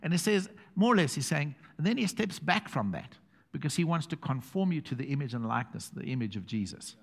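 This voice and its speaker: A middle-aged South African man preaching a sermon as pastor, telling stories with chuckles and quiet emphatic asides. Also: fairly high pitch, big pitch swings, a little fast, gravelly. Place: church hall. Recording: long hall reverb.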